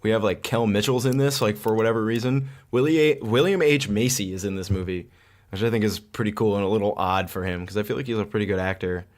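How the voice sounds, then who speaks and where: A man's voice: fairly low pitch, fast. A young man co-hosting a podcast, chatting casually with lots of "um" and "like". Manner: relaxed, filler-heavy chatter with laughs. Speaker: podcast co-host. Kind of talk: casual chat.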